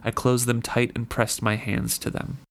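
A man with a middle-pitched voice hosts a book podcast. He reads passages aloud and then retells them casually. His talk is loose and full of fillers. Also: level tone, normal speed, gravelly. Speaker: podcast host reading and discussing a novel.

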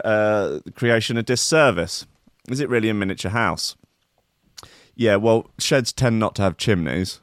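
A man's voice: sits low, no room sound, studio quality. A man hosting a comic show, riffing on odd news stories in a rambling, sardonic, sweary way. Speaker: host. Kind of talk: comic commentary on news clips.

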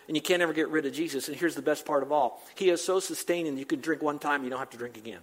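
A man's voice: fairly high pitch, fast talker. An older man preaching a sermon, emphatic and repetitive, building to rising exclamations. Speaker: pastor.

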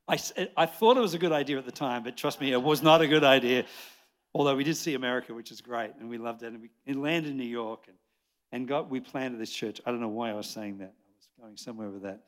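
An Australian man in his sixties preaching a lively sermon to a church congregation, chatty and jokey, rambling with restarts. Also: mid-range voice, fast. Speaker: pastor. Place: church service before a congregation.

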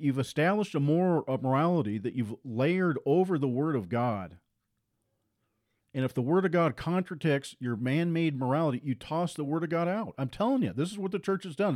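A man preaches a sermon with forceful repetition, and his voice climbs higher and louder as he presses his points.

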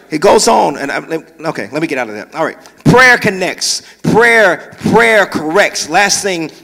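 A man preaching a sermon from the pulpit of a large church, moving between conversational talk and loud hollering. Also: high voice, big-room sound. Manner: preaching, shifts into hollering whoops. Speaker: pastor.

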